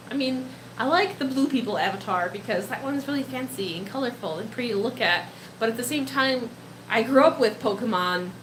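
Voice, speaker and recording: Woman, young adult, native Polish speaker, casual live-stream chat, high-pitched, chatty and giggly. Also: noisy background. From Poland. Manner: chatty, giggly, breaks into baby talk with her pet. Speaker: pet-keeping live streamer.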